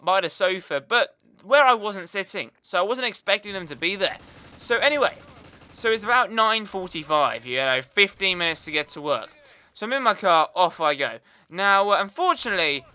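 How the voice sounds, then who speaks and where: A young British man chats through a long anecdote for his gaming channel, rambling and piling on fillers. His voice is very bright and smooth, pitched a touch high. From United Kingdom. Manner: chatty, rambling, lots of fillers. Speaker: gaming YouTuber. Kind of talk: casual storytelling over gameplay.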